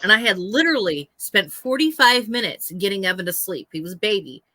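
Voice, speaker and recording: A woman's voice: mid-range voice, animated, brisk, sharp tone, no room sound. A woman guest in a casual chat, telling stories bluntly and emphatically and laughing through them.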